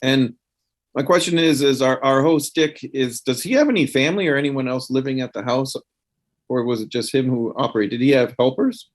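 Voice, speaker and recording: A man's voice: medium pitch, brisk, lightly acted. A man voicing Rutherford, a paranoid professor who stammers and restarts his words in a tabletop role-play game. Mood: planning.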